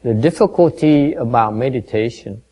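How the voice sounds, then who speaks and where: A man giving a dharma talk to a meditation class, halting and full of fillers, quizzing and gently teasing his listeners. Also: medium pitch, poor audio. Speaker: meditation teacher.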